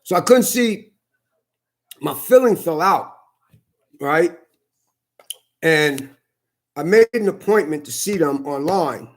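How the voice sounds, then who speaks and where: A man with a fairly high voice delivers a heated monologue straight to his camera. He curses constantly and circles back over the same points as he vents. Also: expressive, slow pace, pauses often. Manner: heated, profane, repetitive venting. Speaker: vlogger. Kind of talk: angry ranting monologue.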